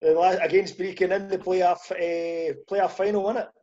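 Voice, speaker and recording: A Scottish man with a high voice tells football anecdotes in a jokey, teasing way. He talks in loose, chatty bursts. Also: flat delivery, moderate pace, mellow, lo-fi sound. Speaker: former footballer guest. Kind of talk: casual chat, storytelling.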